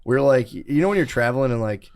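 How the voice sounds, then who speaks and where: A fast-talking man spins a rambling, profane story on a casual podcast. His voice sits at an ordinary middle pitch, and the telling runs on fillers and quick restarts. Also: expressive, darkish tone. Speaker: podcast co-host.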